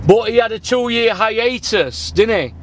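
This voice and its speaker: A man hosts his channel and argues hotly over the phone, badgering and swearing. His voice sits high, and there is a faint hum of noise behind him. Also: expressive, measured pace, a bit bright. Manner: badgering, repeats "listen, mate", swears. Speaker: channel host. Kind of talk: heated phone argument.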